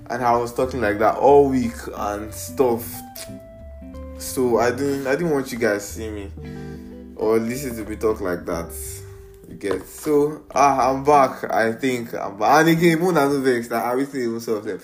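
A man's voice: medium pitch, measured pace, soft background music. A young man with a Nigerian accent hosting a casual solo podcast, playful and rambling, mixing in pidgin slang, recorded on an iPad. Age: young adult. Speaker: podcast host.

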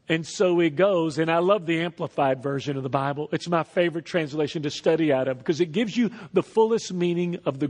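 A man preaching a sermon as pastor, animated, acting out voices and leading the crowd to repeat after him. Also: high-pitched. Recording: reverberant hall.

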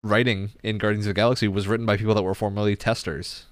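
A man hosting a casual gaming news chat, relaxed and chatty with frequent laughs. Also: fairly low pitch, fast talker, clear, resonant tone, no room sound, clean studio sound. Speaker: podcast host.

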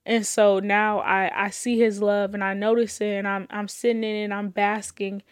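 A woman's voice: mid-range voice, flat delivery, normal speed, no echo, clean studio sound. A woman telling her personal faith testimony with fervor, repeating phrases, laughing between lines and holding back tears. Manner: casual, addresses listeners as y'all.

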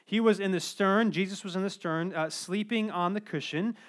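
A male pastor preaching a sermon in a conversational, animated way, with asides. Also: sits high, moderate pace.

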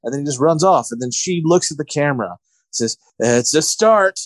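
A man's voice: on the high side, a little fast, very noisy. A man co-hosting a casual podcast, ranting in exasperation as he retells a film and mocks its scenes. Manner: exasperated, ranting retelling with mocking quoted voices. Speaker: podcast co-host.

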